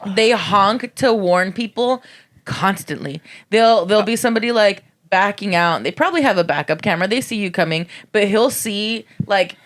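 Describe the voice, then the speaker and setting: A woman's voice: mid-range voice, normal speed, a bit bright. A woman co-hosting a casual chat podcast, telling stories bluntly and swearing freely. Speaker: podcast co-host.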